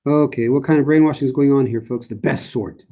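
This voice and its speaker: A middle-aged priest leads a casual Bible study and answers viewer questions in a conversational way, with frequent fillers and restarts. His voice is mid-range, a little fast, and dark in tone.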